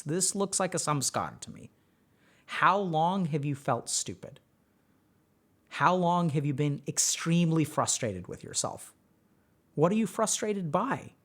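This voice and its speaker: A man hosting a livestream as a mental health coach, talking through advice in an animated way full of rhetorical questions and a frequent "right?". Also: a little high.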